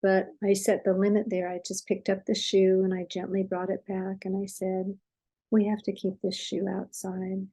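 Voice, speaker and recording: An older woman speaks with a gentle, soothing calm. Her voice is mellow and warm, and her pitch stays steady and even. She explains without hurry and drops into soft, reassuring tones. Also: normal speed, slightly rough, rough recording. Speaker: parenting expert guest. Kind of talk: conversational explaining with a story.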